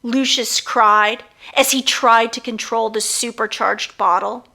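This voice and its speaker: A woman's voice: fairly high pitch, measured pace. A woman narrating her own children's book as an audiobook, reading expressively. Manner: expressive storytelling.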